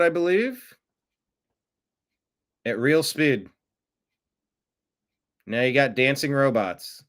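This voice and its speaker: A man's voice: medium pitch, a bit bright. Wry man hosting news commentary. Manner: wry, offhand, mocking asides. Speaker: political commentary show host.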